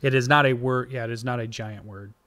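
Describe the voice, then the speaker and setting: A man at a medium pitch narrating a tabletop game as dungeon master. He talks loosely and casually, padding with ums and repeating himself as he thinks. The delivery is easygoing, an improvised story told to friends. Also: fairly quick. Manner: relaxed, filler-heavy narration.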